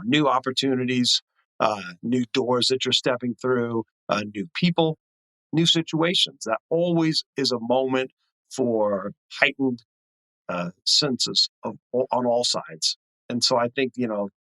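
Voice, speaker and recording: Male podcast guest, middle-aged, bright forward tone, dry sound, earnest and reflective. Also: medium pitch, unhurried, no room sound, poor audio. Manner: earnest, reflective, lots of "you know". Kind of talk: casual chat.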